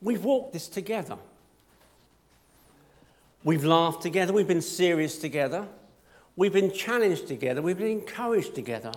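Male preacher, conversational, self-deprecating, animated delivery. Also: sits high, moderate pace, long pauses. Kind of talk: sermon.

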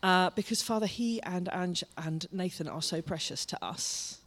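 A man leading an earnest, halting spoken prayer in church. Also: high voice, fairly bright tone. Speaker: congregation member leading prayer.

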